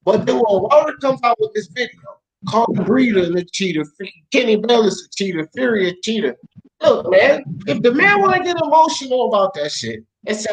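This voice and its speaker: Speaking fairly quickly in an extremely high, very animated voice, this sports talk show host argues bluntly and profanely, leaning on street slang. The heated debate comes through a podcast mic in a rough recording.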